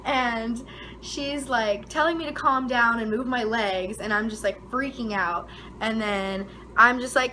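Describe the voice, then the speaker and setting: A young woman vlogger spins a dramatic story in a casual, filler-heavy way. Her voice sits fairly high and bright, and it shoots up whenever she quotes herself. A faint hiss runs underneath. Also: moderate pace, low-quality recording. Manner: animated, dramatic retelling with frequent "like" fillers; voice jumps high and loud when quoting herself.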